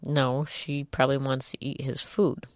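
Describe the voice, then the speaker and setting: A woman with a very low voice chats as a show co-host. She talks loosely and wryly, letting sentences trail off. The recording is dry and close. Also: little pitch movement, moderate pace, no room sound. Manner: chatty, wry, trails off mid-thought. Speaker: podcast co-host. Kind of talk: casual chat.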